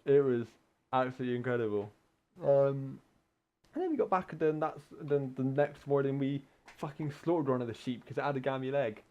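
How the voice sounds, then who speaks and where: A man from the UK casually telling a long story, swearing often, laughing mid-sentence and acting out shouted quotes. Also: medium pitch, a little fast, dull audio. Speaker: gaming podcast co-host telling a story.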